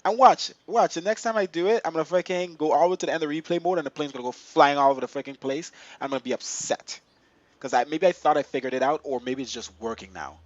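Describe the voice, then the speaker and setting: Young male streamer, excitable, chatty, slightly high voice, dull lo-fi audio. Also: fast talker, dry recording. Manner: excitable, laughing, talks to chat. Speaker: flight sim streamer. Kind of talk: live-stream chat.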